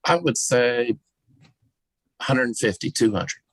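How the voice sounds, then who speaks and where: A man's voice: medium pitch, expressive, slow pace, fairly bright tone, no room sound, poor audio. A man co-hosting a talk podcast, mostly giving short replies and agreements. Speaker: podcast co-host. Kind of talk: casual chat.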